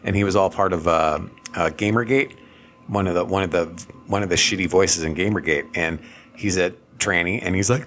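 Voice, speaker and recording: A man co-hosting a podcast, talking in a crude and animated way. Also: low voice, fairly quick, a little hiss or hum. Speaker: podcast co-host. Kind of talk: casual chat.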